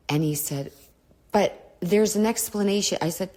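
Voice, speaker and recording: A woman's voice: on the low side, measured pace, warm tone. Blunt, swearing woman telling her story. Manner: candid and blunt, swears often, digresses. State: clearing her throat often. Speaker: podcast host. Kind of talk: personal storytelling monologue.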